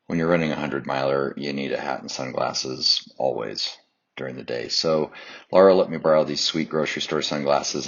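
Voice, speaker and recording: A man with a very deep, husky voice tells an anecdote in a wry, amused voice-over. The recording sounds dull and lo-fi. He narrates with easy storytelling timing. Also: a bit bright. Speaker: runner narrating his race.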